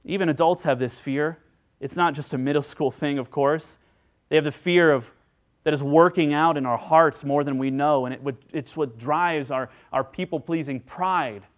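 A man preaching a sermon, his voice sitting a little higher than most men's. He is earnest and dynamic. He presses hard on key lines and then sinks to quiet, confiding ones. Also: normal speed. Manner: earnest, dynamic preaching that swings between emphatic and hushed. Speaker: pastor.

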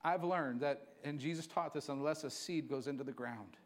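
A man preaching a sermon to his church, moving from quiet storytelling to fervent, emphatic preaching. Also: on the high side, moderate pace. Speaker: pastor.

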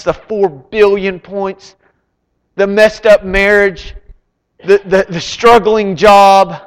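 High-voiced impassioned preacher in a reverberant church. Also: male voice, clear, resonant tone. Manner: impassioned, slow and emphatic preaching. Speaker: pastor. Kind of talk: sermon. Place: church sanctuary. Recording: long reverb of a large hall.

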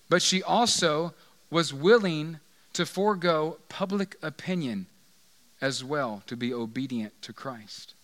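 A man's voice: fairly high pitch, fairly bright tone, long reverb tail. A man preaching a sermon in a conversational way, often asking the listeners rhetorical questions. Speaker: pastor.

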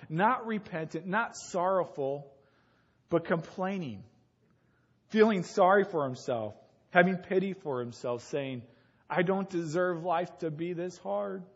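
Man, pastor, conversational sermon, fairly high voice, slightly muffled recording. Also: breathy edge. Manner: conversational preaching with homely examples.

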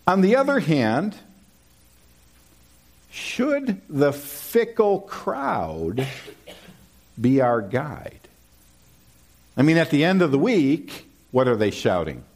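A man preaching from the pulpit in a relaxed, conversational way, pausing to ask his congregation "okay?". His pitch leaps and dips animatedly as he quotes scripture and crowd shouts. He talks at a slow, deliberate pace. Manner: conversational, checks in with "okay?" often; animated, lively pitch swings when quoting. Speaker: pastor. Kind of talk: sermon with slides and scripture reading.

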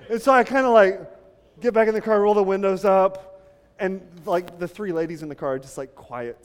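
Preacher guy, talks easy and lively with the crowd, church sermon. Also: sits high, normal speed, clear, resonant tone, long reverb tail. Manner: conversational, animated storytelling with the congregation. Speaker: pastor. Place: church sanctuary.

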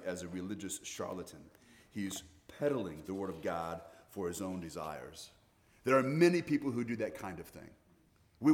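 A man's voice: on the low side, a little mellow. A middle-aged man preaching a sermon, telling stories in a conversational way with frequent restarts. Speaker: pastor.

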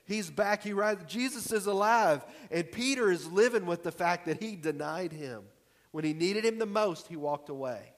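Male pastor, high-ish voice, easy conversational sermon, long church reverb. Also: expressive, moderate pace. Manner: conversational, emphatic preaching. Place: church hall.

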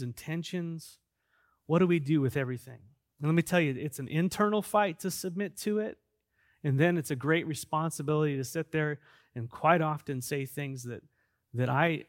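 A male pastor delivers a sermon in a middle-pitched voice, earnest and emphatic. He slides from soft, slowed passages into louder bursts of conviction. The sound is dry and close, with no room around it. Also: dry recording. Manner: earnest, emphatic preaching that swings between soft and loud.

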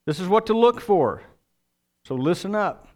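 A man's voice: high voice, lively intonation, unhurried, a little mellow. A middle-aged man preaching a sermon, reading scripture and then explaining it in a conversational way with asides. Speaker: pastor.

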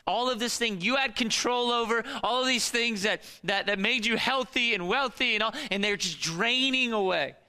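Middle-aged pastor guy preaching, high sharp voice, dramatic storytelling, gets loud then goes quiet. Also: normal speed, hardly any pauses, smooth. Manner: dramatic storytelling, swings from loud urgency to hushed low tones. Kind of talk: sermon.

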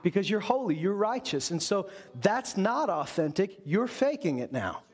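A man's voice: high-pitched, sing-song, normal speed, slightly rough. A man preaching a sermon as a pastor, earnest and full of rhetorical questions.

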